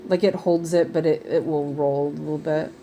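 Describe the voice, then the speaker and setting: A woman's voice: low voice, fairly even intonation, moderate pace, dark tone, a little hiss or hum. A woman chatting casually and rambling on a live stream while she does cross-stitch. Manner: rambling, chatty, many fillers.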